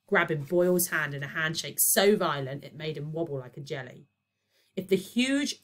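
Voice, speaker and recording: A woman, a primary teacher, reading a children's novel aloud with expressive storytelling. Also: sits low.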